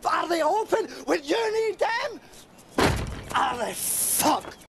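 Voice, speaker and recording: A man's voice: very high-pitched, sing-song, takes it slowly, vocal fry, noisy background, full character voice. An actor with a Scottish accent playing an exasperated man who rants sarcastically, in a film clip. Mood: sarcastic rant.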